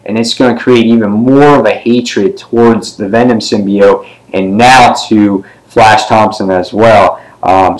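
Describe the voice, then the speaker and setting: A man giving a casual comic book review, retelling the story in a rambling way with many fillers and sometimes jumping up in pitch to act out a character's line. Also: poor audio. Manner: briefly acts out characters' lines with pitch jumps.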